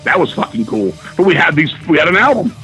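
Middle-aged male musician guest, profane excitable storyteller, bright edgy tone, slightly high voice. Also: quick pace, faint music behind, low-quality recording. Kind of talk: casual storytelling interview.

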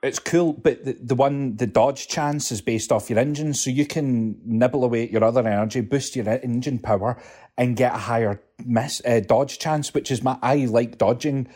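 A man's voice: mid-range voice, normal speed, dark tone. Male co-host, mid voice, blunt and dry-witted in casual debate. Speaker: podcast co-host. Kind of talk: casual gaming podcast chat.

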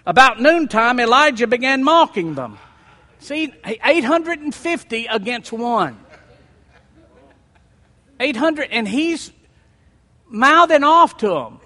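Male preacher, high pitch, scripture reading with lively commentary, long reverb from the hall. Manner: reads scripture aloud, breaking in with lively asides.

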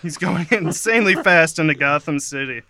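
A man's voice: fairly high pitch, animated, normal speed, sharp tone. A man giving a playful, giggly play-by-play of an imagined scene, often breaking into laughter. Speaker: comedic narrator. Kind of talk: playful play-by-play over a song. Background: song playing.

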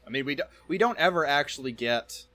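A man's voice: a little high, fairly quick, no room sound. A man co-hosting a podcast, casually recapping plot and acting out lines. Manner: narrates plot with animated quoted voices. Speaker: podcast co-host.

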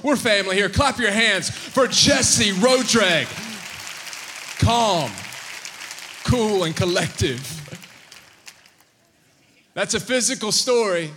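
A man preaching to his congregation, telling a story with animated energy and calling questions out to the crowd. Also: sits high, slight background noise. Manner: animated, calls out questions to the audience. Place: church sanctuary. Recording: long church-hall reverb.

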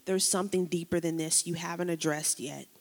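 A woman pastor preaching a sermon, moving between lively preaching, casual slang and quiet personal storytelling. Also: fairly low pitch, a little fast, long reverb tail.

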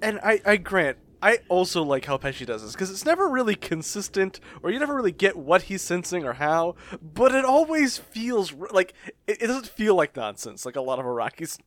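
A man co-hosting a casual podcast chat, excitable, laughing often and swearing casually. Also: high voice, a little fast. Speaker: podcast co-host. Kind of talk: casual chat about an anime.

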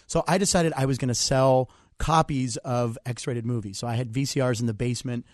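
A man's voice: medium pitch, brisk, dry recording, studio quality. A man in his forties from the Pittsburgh area, a comedian telling a story as a guest on a talk show. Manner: animated, acts out voices in his stories. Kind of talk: casual storytelling.

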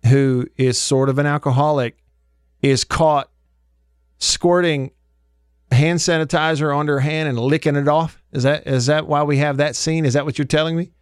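A man's voice: fairly high pitch, steady tone, moderate pace, smooth, dry recording, studio quality. A man hosting a sports talk radio show, incredulous and joking, laughing often. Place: radio studio. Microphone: studio microphone.

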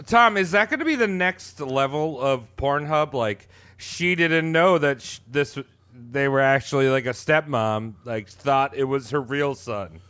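A man's voice: medium pitch, a little slow, a bit bright, clear, resonant tone. A man joking around as a podcast co-host, rambling and crude and full of fillers. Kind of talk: casual banter.

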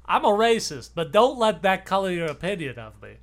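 A man doing an impression of a gentle, sweet-voiced older male president, with a lilting, mock-genteel manner. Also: high voice, very animated, a little fast, pitched above the performer's own voice. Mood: smug.

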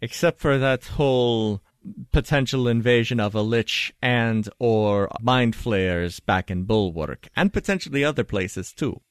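A man voicing an ancient male divine being, wry and knowing, who speaks in measured, sage-like counsel. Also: medium pitch, clear, resonant tone, no room sound, studio quality, close to an everyday voice.

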